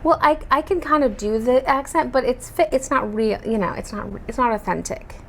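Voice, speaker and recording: A woman's voice: on the high side, fairly quick, vocal fry, a little hiss or hum. Chatty American woman hosting a podcast. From United States. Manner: chatty, relaxed, with frequent fillers. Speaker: podcast host. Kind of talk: casual interview chat.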